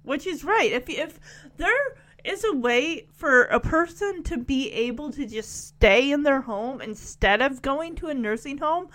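A woman casually recapping a TV episode into a close microphone, animated and often laughing. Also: high-pitched, a little slow. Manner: animated, laughs often, acts out characters' lines. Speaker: video host recapping a TV episode. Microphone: close desk microphone.

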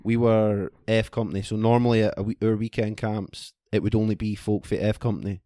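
A man's voice: fairly low pitch, level tone, brisk, warm tone, no echo, clean studio sound. A man with a Scottish accent telling a rambling, profane anecdote in casual chat with friends.

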